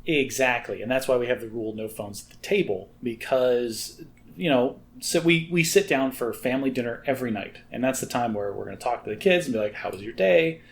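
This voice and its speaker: A man's voice: medium pitch, brisk, slight background noise. A man co-hosting a podcast in casual chat, teasing and joking with his friend. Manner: teasing, jokey, animated. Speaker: podcast co-host.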